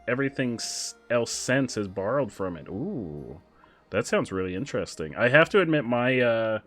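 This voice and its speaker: A man streaming a game, chatting casually with viewers, excitable and quick with asides. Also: lowish voice. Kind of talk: casual gameplay chat with viewers.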